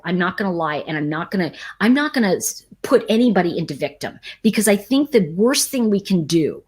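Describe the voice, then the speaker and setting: A woman hosting a livestream, talking casually and emphatically to her chat audience in a rambling, animated way. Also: mid-range voice, husky. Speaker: livestream host.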